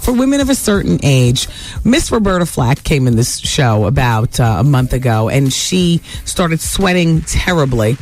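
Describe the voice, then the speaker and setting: A woman's voice: rumbling low, very animated, moderate pace, a little mellow, soft background music. A woman hosting a radio talk show, chatting candidly with callers and listeners and laughing easily.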